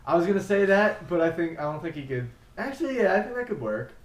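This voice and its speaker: Loud, laughing man in an echoey room. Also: high-pitched, fast. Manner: laughing, animated, swings loud and soft. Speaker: podcast co-host. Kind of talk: casual chat.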